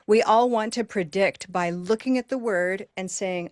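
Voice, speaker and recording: A woman's voice: medium pitch, moderate pace, hardly any pauses, dry recording, studio quality. A woman co-hosting a live online English lesson on a video call, who laughs often and asks the learners questions. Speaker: teacher and co-host.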